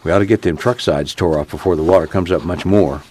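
Seorang pria memerankan anak muda petani yang blak-blakan dan praktis, dengan dialek pedesaan. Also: male voice, low-pitched, fast, darkish tone, a little hiss or hum, lightly acted. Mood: blunt. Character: young farmhand son, blunt and practical.

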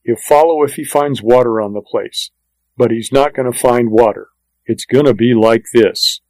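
A hard-bitten outlaw on the run, as a male narrator puts him on, blunt and commanding. His threats come out flat and menacing from an audiobook reading. The voice sits at an ordinary pitch in a dry, close recording. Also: normal speed, no room sound, close to an everyday voice, poor audio.

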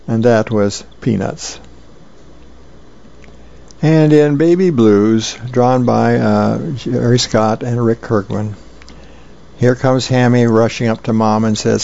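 A man volunteering as a radio reader, reading comic strips aloud in a relaxed, conversational way, heard over dull lo-fi radio. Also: mid-range voice, a little slow, vocal fry.

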